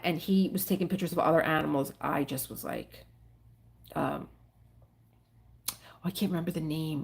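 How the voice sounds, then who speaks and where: A middle-aged woman from the Philadelphia area, hosting a livestream and chatting in a rambling, emotional way with her viewers. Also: lowish voice. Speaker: livestream host. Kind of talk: casual chat with live viewers.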